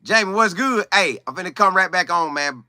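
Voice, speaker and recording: A man hosting a casual football livestream, greeting viewers by name and talking in animated, quick bursts. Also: high-pitched, dry recording, clean studio sound. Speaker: livestream host. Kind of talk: casual live chat about football.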